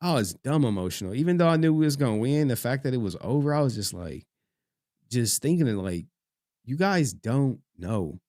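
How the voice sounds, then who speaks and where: Very animated and medium-pitched, with a dark tone, this man talks at a normal speed while hosting a livestream. He's loose and foul-mouthed, reading chat aloud and growing emotional at what he sees. The recording is dry and clean, with studio sound.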